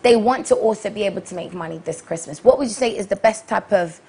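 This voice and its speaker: A woman's voice: mid-range voice, quick pace, gravelly, mellow, husky. A woman co-hosting a studio talk show, chatty and playful, joking and laughing with her guest. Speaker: co-host.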